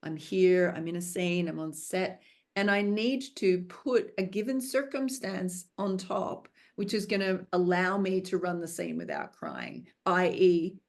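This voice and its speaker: A woman's voice: on the low side, expressive, a little slow, darkish tone. A woman film director speaking as a guest in an interview, earnest and reflective, coaching in tone, and stretching some words out for emphasis. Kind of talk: conversational interview.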